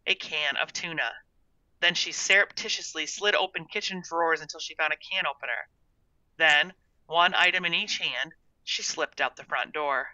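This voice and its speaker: An audiobook narrator giving a measured, expressive scripted reading of a short story. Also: mid-range voice, no echo, muffled recording.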